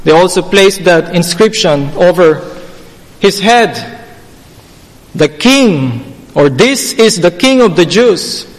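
A man delivers a sermon with a high, bright-edged voice, taking each phrase slowly and pressing on key words. His voice rings out with a long reverb, as if from a church hall. He builds at times to fervent, pleading emphasis. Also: lively intonation. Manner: slow, deliberate, emphatic preaching, rising to fervent pleas. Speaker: preacher.

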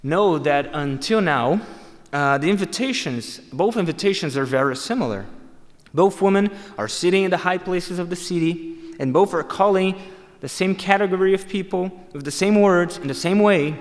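Male preacher, emphatic and repetitive, somewhat high-pitched, reverberant hall. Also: normal speed. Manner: emphatic, repeats phrases for stress. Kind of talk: sermon.

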